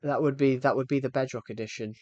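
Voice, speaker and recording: A man's voice: medium pitch, steady tone, quick pace, a little mellow, dry recording, lo-fi sound, faint music behind. A man in his twenties chatting casually on a live game stream, a little out of breath and rambling as he restarts his sentences. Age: 20s.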